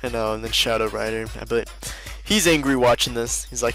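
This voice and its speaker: A man's voice: medium pitch, a little fast, hardly any pauses, a bit bright. Male host, sarcastic and exasperated, home mic, faint music underneath. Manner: exasperated and sarcastic, frequent laughs. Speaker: video host and duel commentator. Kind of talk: casual game commentary.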